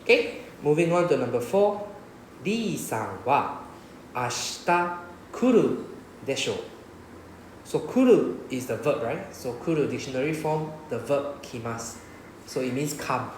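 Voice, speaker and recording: A man's voice: mid-range voice, expressive, a little slow, reverberant, slight background noise, low-quality recording. A man with a Singaporean English accent teaching a Japanese class, often checking with "right?". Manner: repeats "right?" to check understanding. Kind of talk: classroom lesson explanation.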